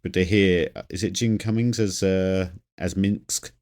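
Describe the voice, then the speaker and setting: A man's voice: low voice, fairly even intonation, a little slow, a little mellow. A man streaming a game, thinking aloud and rambling as he plays and chats with viewers. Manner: reads chat aloud. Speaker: gaming streamer. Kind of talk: live game commentary.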